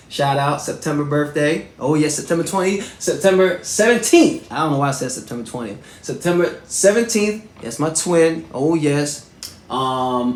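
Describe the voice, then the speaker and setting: Brief: man in his thirties, higher-pitched voice, casual storyteller full of shout-outs, echoey room. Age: 30s. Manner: animated, shout-outs and filler words. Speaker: host.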